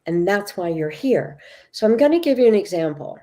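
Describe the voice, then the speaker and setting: A woman's voice: medium pitch, sing-song, moderate pace, mellow. A woman guest speaking as a spiritual teacher, telling stories emphatically and acting out quoted dialogue. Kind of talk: animated storytelling talk.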